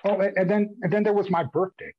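Male podcast guest, husky voice, dull dry recording; emotional, restart-heavy storytelling. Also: high-pitched, fast, no room sound. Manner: emotional, animated retelling with repeated restarts. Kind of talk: candid conversational storytelling. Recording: dull lo-fi audio.

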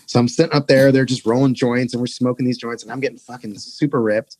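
A man's voice: mid-range voice, steady tone, fast talker, darkish tone, no echo. A young man casually telling a rambling, profane touring story as a podcast guest.

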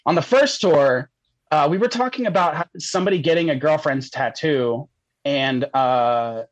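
A man's voice: on the high side, normal speed, no echo, highs cut off. Young man rambling through a story. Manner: rambling, laughing often, heavy on "like". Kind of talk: casual storytelling.

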